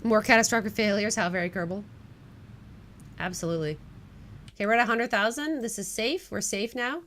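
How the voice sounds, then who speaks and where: Bright excitable woman streamer. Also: mid-range voice, fairly quick. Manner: jokey and excitable, talking to chat. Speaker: game streamer. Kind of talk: casual live gameplay commentary.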